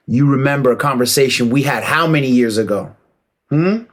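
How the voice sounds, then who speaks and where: A man giving a casual, emphatic opinion monologue, preaching and calling out to listeners with rhetorical questions and shout-outs. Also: medium pitch, fairly quick. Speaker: martial arts commentator.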